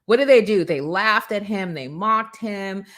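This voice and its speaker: A woman hosting a live motivational morning show, coaching viewers and greeting them by name in an energetic, preachy way. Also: mid-range voice, a little slow. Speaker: host.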